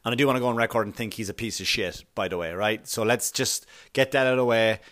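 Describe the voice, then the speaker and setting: A man's voice: lowish voice, fast, a bit bright. A man hosting a podcast in a blunt, profane, opinionated monologue. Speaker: podcast host.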